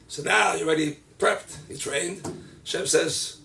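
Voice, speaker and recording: Animated rabbi with a gravelly voice. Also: male voice, sits high, moderate pace. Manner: animated storytelling, acting out quoted voices; mixes Hebrew and Yiddish terms into English. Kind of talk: holiday sermon. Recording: distant mic with faint background noise.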